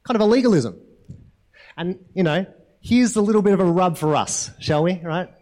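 A man with a fairly high voice gives a sermon in an easygoing, talky manner. He keeps putting questions to the congregation and tags his points with a quick "right?". The delivery sounds like a chat more than a formal address. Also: animated, a little mellow. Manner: conversational, asks the congregation questions, frequent tag "right?". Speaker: pastor.

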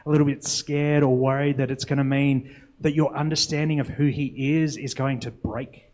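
A man's voice: medium pitch, little pitch movement, moderate pace, a little mellow, low-quality recording. A young adult man preaching a sermon in an earnest, reflective way, often posing rhetorical questions to the congregation.

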